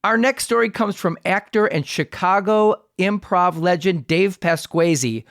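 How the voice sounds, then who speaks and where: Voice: mid-range voice, a little slow, no room sound, studio quality, soft background music. A podcast host reading scripted, pun-filled introductions. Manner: jokey, punny introductions. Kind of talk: scripted narration.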